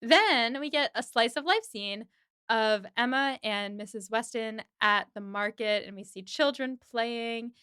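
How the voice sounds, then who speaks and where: A woman hosting a podcast, recapping an episode in a casual, animated way with quick voiced asides. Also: fairly high pitch, smooth, dry recording, studio quality. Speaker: podcast host.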